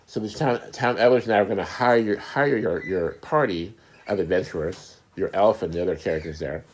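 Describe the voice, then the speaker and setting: A middle-aged man hosting a casual talk, explaining things in an unhurried way, often searching for words and repeating himself. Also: deep voice, a little mellow. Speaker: host.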